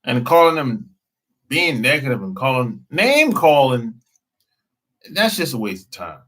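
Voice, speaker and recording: A man talking casually as a dating coach, slow and drawling, often breaking into laughter. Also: medium pitch, big pitch swings, fairly bright tone. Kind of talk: casual live-stream talk.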